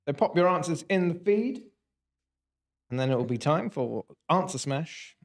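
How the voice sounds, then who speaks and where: A man's voice: a little high, animated, normal speed. A man hosting a casual livestream quiz, jokey and punning as he reads out answers. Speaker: quiz host.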